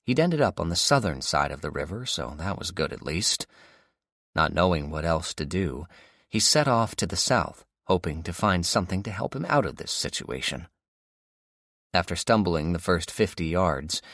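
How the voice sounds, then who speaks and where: A man narrating a zombie survival audiobook in a steady, measured way. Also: low-pitched, no echo, clean studio sound. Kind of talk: scripted narration.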